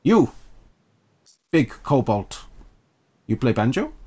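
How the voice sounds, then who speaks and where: Man doing a halting little kobold guard. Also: mid-range voice, very animated, a little mellow, slightly rough, heavily acted. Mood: eager. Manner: halting broken speech. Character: small wary male kobold guard.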